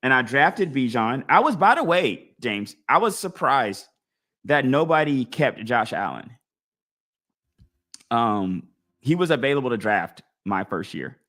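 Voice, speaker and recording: Male host, casual live-stream chat, mid-pitched, animated, thinks aloud. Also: measured pace. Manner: animated, talks through his choices out loud, acts out imagined crowd voices. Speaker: fantasy football league podcast host.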